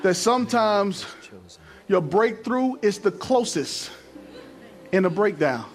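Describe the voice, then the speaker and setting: A middle-aged male pastor preaching a sermon to a church congregation, using call-and-response and building up to shouting. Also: sits high, animated, takes it slowly, crowd noise. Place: church sanctuary.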